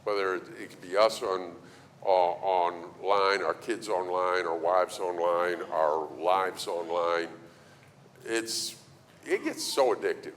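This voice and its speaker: A man's voice: low voice, takes it slowly, slight background noise. A middle-aged man preaching a sermon on parenting, telling stories and acting out the voices in them. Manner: animated storytelling, acting out quoted voices. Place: church hall. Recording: reverberant hall, faint ambience.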